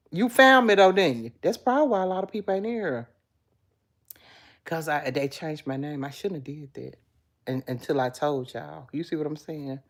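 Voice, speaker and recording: A woman with a low-set voice hosts a relaxed morning livestream. Her pitch swings widely as she chats to her viewers. She talks in a loose, chatty way and calls them girl and baby. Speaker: livestream host. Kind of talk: casual livestream chat reading viewer comments.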